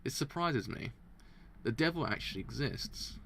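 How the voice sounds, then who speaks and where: A man reading a manga aloud for a live reaction, often tripping over words and restarting, excitable and quick to laugh. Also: medium pitch, creaky, slight background noise.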